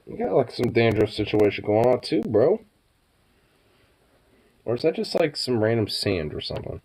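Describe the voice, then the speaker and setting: A man's voice: mid-range voice, sing-song, normal speed, pauses often, a little mellow. A young man chatting late at night to his pets, stoned and sleepy, cooing baby talk, swearing, laughing often. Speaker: vlogger.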